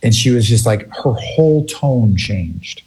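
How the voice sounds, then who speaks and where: A man's voice: lowish voice, unhurried. Middle-aged man telling a rambling story. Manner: rambling animated anecdote with laughter. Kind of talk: casual chat.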